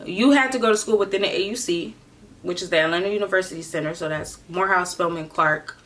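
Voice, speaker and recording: A young woman vlogger telling a casual storytime in a slangy, animated way, acting out what people said. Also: on the low side, quick pace. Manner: animated, slangy, acts out quotes.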